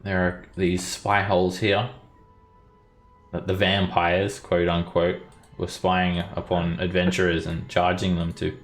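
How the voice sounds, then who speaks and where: Man, very low voice, dungeon master narration, roomy echo. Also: monotone, measured pace, soft background music. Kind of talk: narrating a tabletop game.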